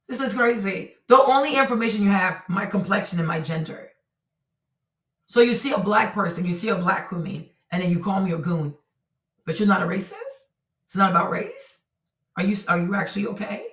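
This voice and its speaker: Woman streamer, heated live-stream rant, bright voice a little off-mic in an echoey room. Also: mid-range voice, lively intonation, brisk, recorded from a distance. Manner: indignant, repetitive rhetorical questions.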